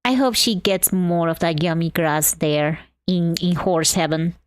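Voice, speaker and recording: A woman's voice: on the low side, unhurried, smooth, no echo, studio quality. A woman from Argentina streaming live while drawing, chatting in a bubbly way and greeting her chat.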